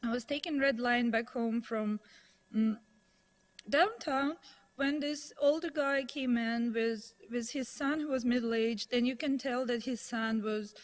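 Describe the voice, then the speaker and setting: A woman telling a story to a live audience in a conversational manner, with fillers and restarts. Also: a little high.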